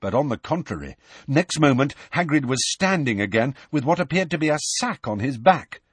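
A man reads a story aloud in a measured, expressive way, his voice husky with lively rises and falls. The recording is dry and close, with no room sound. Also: mid-range voice, dry recording. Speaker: audiobook narrator. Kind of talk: scripted narration.

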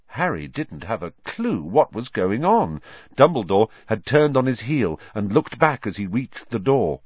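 A man reading a story aloud as an audiobook narrator in a measured, expressive way. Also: fairly low pitch, husky, no room sound, muffled recording. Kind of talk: scripted narration.

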